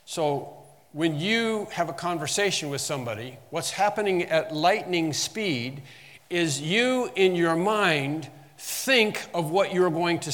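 A man's voice: a little high, fairly bright tone, big-room sound. A man teaching a Bible lesson as a sermon, quoting verses with emphasis and often restarting phrases.

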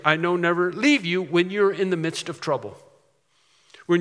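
A man's voice: fairly high pitch, normal speed, a bit bright. A man preaching a sermon in an emphatic way, repeating his key phrases. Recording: long reverb of a large hall.

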